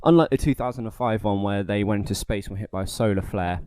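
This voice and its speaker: A man co-hosting a casual film review chat, quick to nitpick plot holes. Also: on the low side, a little mellow, smooth, dry recording, clean studio sound. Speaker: podcast co-host.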